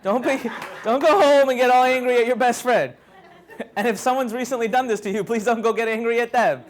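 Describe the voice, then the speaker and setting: A man's voice: very high voice, fairly quick. A man speaking to a live workshop audience as a motivational speaker, telling stories animatedly, acting out scenes and joking with the room. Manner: animated storytelling, acts out scenes, jokes with the audience. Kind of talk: live motivational seminar talk.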